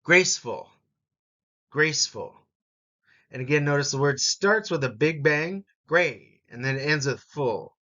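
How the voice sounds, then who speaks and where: Male English teacher, a bit high-pitched, drilling words with clear syllable stress. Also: expressive, moderate pace, few pauses, sharp tone, lo-fi sound. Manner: models each word with clear stress, repeats for learners. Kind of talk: slow, deliberate pronunciation lesson.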